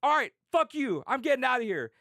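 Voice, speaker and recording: Guy putting on a frantic, yelling man, voice jumped way up high and loud, cussing at his buddy. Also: sing-song, fairly quick, no room sound, studio quality, heavily acted. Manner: shrill, frantic, swearing. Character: panicky yelling grown man in a trap.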